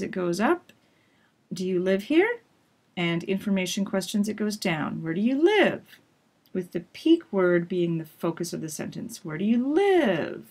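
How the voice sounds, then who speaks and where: Young female pronunciation teacher, mid-pitched, clear and deliberate delivery, models sentences slowly. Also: darkish tone. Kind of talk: recorded lesson recap.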